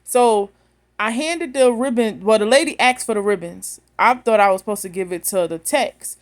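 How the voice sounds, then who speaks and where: A woman's voice: fairly high pitch, moderate pace. A woman, telling a story bluntly and with animation straight to her phone camera. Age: 30s. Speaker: vlogger.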